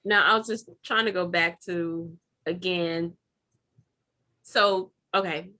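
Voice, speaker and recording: A woman co-hosting a casual recap chat, retelling scenes in a chatty, expressive way. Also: on the low side, slow. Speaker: podcast co-host.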